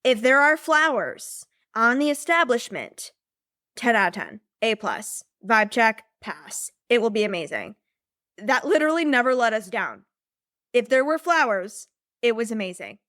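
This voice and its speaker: A young woman talks in a bubbly, rambling way, full of fillers and quick laughs. Her voice sits a little high, recorded close and dry with no room sound. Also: big pitch swings, a bit bright, no room sound. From United States. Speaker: podcast host and business mentor. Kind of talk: casual chat.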